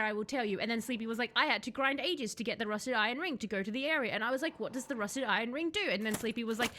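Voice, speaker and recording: Brief: high-pitched woman game streamer, chatty and excitable, noisy mic. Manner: chatty, reads chat aloud, bursts into excited shouts. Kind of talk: casual live-stream gameplay chat.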